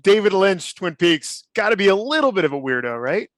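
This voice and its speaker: Podcast host man, lively up-and-down pitch, slightly high, quick curious interjections. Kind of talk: casual podcast chat.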